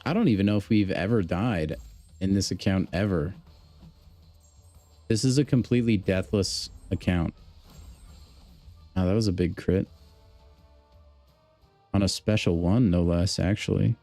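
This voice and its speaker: A man's voice: low-pitched, a little slow, pauses often, dark tone, faint music behind. A man livestreaming a mobile game, chatting casually and upbeat to his viewers. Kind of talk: casual gameplay commentary.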